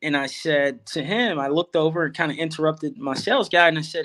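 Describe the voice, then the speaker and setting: A middle-aged man talks over a video call, his voice sitting a little high for a man. He rambles through a long story with plenty of ums and restarts. He turns animated whenever he quotes someone else. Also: a little fast. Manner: rambling, with many fillers and restarts, animated when quoting others. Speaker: guest farmer. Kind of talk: conversational storytelling.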